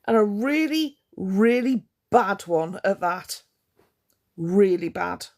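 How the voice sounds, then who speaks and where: Gravelly woman on a heated live-stream rant. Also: medium pitch, animated, takes it slowly, darkish tone. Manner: confrontational, indignant, repeats for emphasis.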